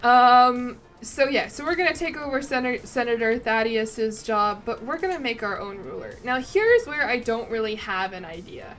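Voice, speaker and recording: A woman's voice: a little high, animated, normal speed, hardly any pauses, a bit bright, soft background music. A woman game streamer chatting casually and rambling a little, reading chat and poking fun at herself as she plays. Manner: chatty, rambling, self-deprecating, reads out chat.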